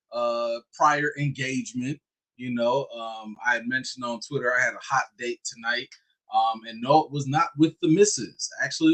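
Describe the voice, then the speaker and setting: A man hosting a live stream with three young daughters, talking in a relaxed, chatty way and greeting viewers one by one, in a casual voice. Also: medium pitch, dry recording. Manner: laid-back, chatty, greets viewers by name.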